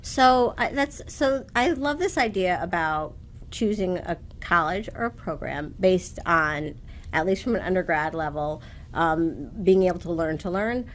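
A woman interviewer asking questions and thinking aloud with frequent pauses and "um"s. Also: lowish voice, expressive, slight background noise.

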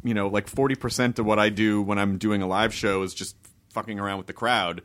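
A man hosting a podcast, a comedian himself, talking things through in a relaxed, reflective way. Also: on the low side, brisk. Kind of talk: casual podcast chat.

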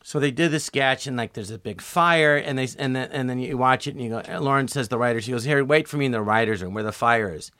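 A man's voice: medium pitch, fast, few pauses, sharp tone, dry recording. An older man, a guest on a talk show, telling stories casually and acting out quoted voices with animation. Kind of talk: casual storytelling.

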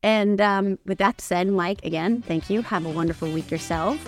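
A woman's voice: mid-range voice, moderate pace, soft background music. A woman hosting a podcast, chatty and joking, swearing freely as she wraps up an interview. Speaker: podcast host. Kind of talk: casual interview chat.

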